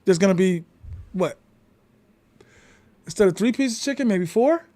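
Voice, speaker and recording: A man, a podcast guest telling stories in casual conversation, emphatic and animated, swearing often. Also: high-pitched, normal speed. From New York City.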